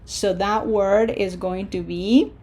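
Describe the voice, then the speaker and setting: A woman walks through a pronunciation lesson at an unhurried pace. She stretches out each model word and keeps asking the learner questions. Her voice sits at an ordinary middle pitch. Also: fairly even intonation, warm tone. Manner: slow, drawn-out model words between explanations; coaxing, asks the learner questions. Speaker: Spanish teacher.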